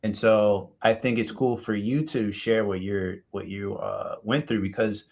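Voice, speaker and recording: An American man hosting a casual interview, animated and jokey, often mimicking other people's voices. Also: on the low side, measured pace, gravelly. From United States. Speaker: podcast host.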